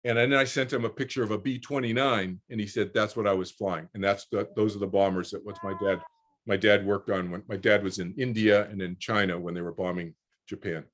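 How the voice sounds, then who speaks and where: A man in his sixties, a guest in an interview, telling a personal story in an animated way, often repeating words as he finds his thread and acting out what others said, heard over a video call. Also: fairly low pitch, fairly quick. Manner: repeats words while finding his thread, voices other people in quotes.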